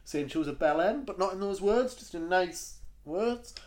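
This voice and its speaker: A man's voice: high voice, expressive, normal speed, a little mellow. A man co-hosting a podcast in casual, jokey chat, rambling and laughing often. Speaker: podcast co-host.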